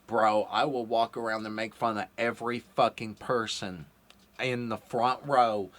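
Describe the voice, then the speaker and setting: A man's voice: lowish voice, fairly even intonation, unhurried, fairly bright tone. A man in his thirties hosting a podcast interview, talking casually and profanely with lots of fillers. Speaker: podcast host.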